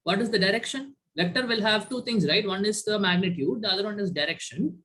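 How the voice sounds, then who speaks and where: Male teacher on a video call, bright, forward voice, constant "right?" checks while lecturing. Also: high voice, brisk. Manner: quizzes students, frequent "right?" tag questions. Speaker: chemistry teacher. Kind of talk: online class lecture.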